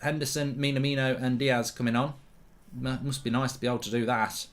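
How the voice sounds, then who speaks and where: Man, host of a football watch-along, chatty, mid-pitched, reacting to play. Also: steady tone, brisk. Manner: chatty, reads out viewer questions, reacts to play.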